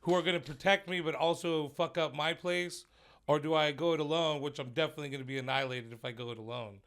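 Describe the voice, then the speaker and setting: Gravelly, profane podcast co-host man. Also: on the high side, fairly even intonation, quick pace, fairly bright tone. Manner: profane, reactive, laid-back. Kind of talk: casual comedic chat.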